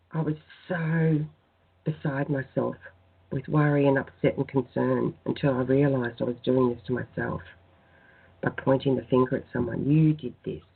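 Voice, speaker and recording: A woman, speaking in a soft, earnest, heartfelt way as a spiritual guest on a talk radio show. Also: on the low side, breathy edge. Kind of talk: phoned-in radio chat, guided prayer. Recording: tinny phone-line sound.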